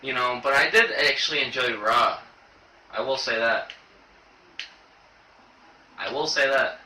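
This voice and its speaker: A young man with a medium-pitched, pushed and bright voice gives a rambling, halting wrestling review, full of fillers and choked up. It's a casual video recorded on a distant camera mic in an echoey room with faint noise.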